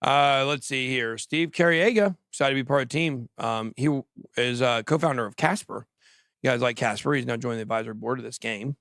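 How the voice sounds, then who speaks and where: A man hosting a casual crypto livestream, talking quickly and jokily, often trailing off mid-thought. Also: mid-range voice, a bit bright, no room sound, studio quality. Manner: rambling, quick, jokey, trails off. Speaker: crypto show host.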